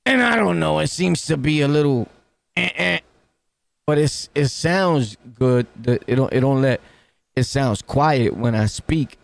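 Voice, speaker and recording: A New York man talks close into his mic, offering casual reaction commentary. His voice sits a bit high, with a gravelly edge. He throws street slang and laughing asides through a dry, close sound. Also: measured pace, dry recording. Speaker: reaction streamer.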